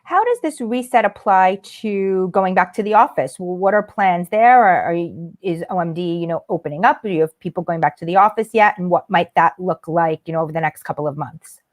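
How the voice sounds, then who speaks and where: A woman interviewer asking quick follow-up questions in a live remote interview. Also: fairly low pitch, animated.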